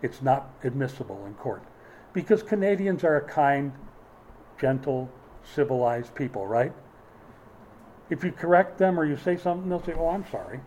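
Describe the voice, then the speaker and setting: A man's voice: medium pitch, lively intonation, moderate pace, pauses often, darkish tone, slight background noise, rough recording. A man preaching a sermon, emphatic, with dry humorous asides. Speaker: pastor.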